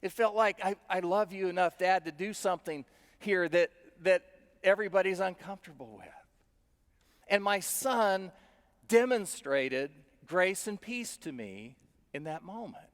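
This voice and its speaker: A middle-aged male pastor preaches through homely, self-deprecating stories, talking to the congregation as if chatting. His voice sits high for a man and comes across smooth and resonant. The sound rings out with the long reverb of a large hall. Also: lively intonation, a little slow. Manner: conversational storytelling, self-deprecating. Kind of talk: sermon with personal stories.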